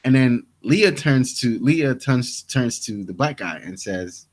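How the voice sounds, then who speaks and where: A man's voice: medium pitch, lively intonation, takes it slowly. A young man co-hosting a podcast, casually retelling TV scenes and acting out the characters' lines with many restarts. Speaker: podcast co-host. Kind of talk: casual TV recap chat.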